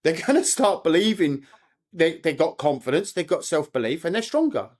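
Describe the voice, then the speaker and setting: A man's voice: fairly high pitch, big pitch swings, moderate pace. A man working as a mental performance coach, explaining his approach in a casual podcast chat and checking in with "right?".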